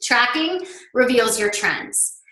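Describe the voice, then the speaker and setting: A woman's voice: fairly high pitch, big pitch swings, takes it slowly, sharp tone, echoey room, rough recording. A woman coach giving a presentation to other coaches, chatty and emphatic, peppering her talk with "like". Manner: chatty and emphatic, heavy use of "like".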